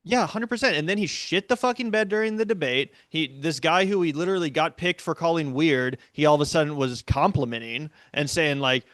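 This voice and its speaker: A man in casual political talk, ranting in a heated, profane, rapid-fire way. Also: on the high side, fairly bright tone, no room sound.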